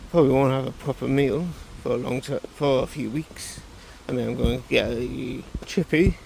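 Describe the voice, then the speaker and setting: A man's voice: medium pitch, vocal fry, a little mellow, a little hiss or hum. A tired man vlogging casually, rambling and correcting himself as he goes. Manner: rambling, halting, self-correcting. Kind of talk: casual vlog monologue.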